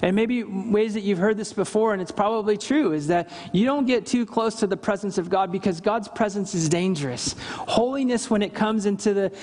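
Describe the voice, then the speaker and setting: Pastor, male, high voice, earnest sermon, lively scripture quotes, reverberant church hall. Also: normal speed, hardly any pauses. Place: church service.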